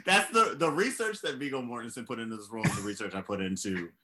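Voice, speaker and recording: A man co-hosting a comedic film podcast, talking in an animated, sarcastic way and swearing often. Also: mid-range voice, quick pace. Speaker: podcast co-host. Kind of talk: casual comedic film discussion.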